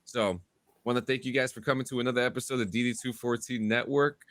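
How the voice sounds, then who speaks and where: A man's voice: medium pitch, fairly even intonation, fast talker, fairly bright tone. A man hosting a podcast talks in a loose, rambling way, often repeating words as he starts a sentence. His voice sits in the middle range. The sound is dry and close, with no room echo. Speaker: podcast host. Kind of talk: casual podcast sign-off.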